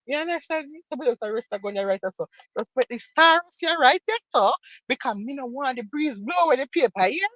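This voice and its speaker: Jamaican woman, casual chat commentary, higher voice, dry close sound, mocking and emphatic. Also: expressive, a little fast, hardly any pauses, a bit bright, no room sound, highs cut off. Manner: emphatic, mocking, repeats points for effect. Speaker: online commentator.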